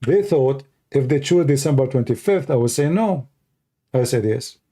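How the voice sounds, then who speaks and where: A man with a mellow, darker voice hosting a livestream. He rants in a sarcastic, mocking tone, often slipping into jeering impressions of others. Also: mid-range voice, expressive, moderate pace. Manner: mocking, sarcastic, acts out opponents. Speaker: livestream debate host. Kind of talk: casual livestream rant.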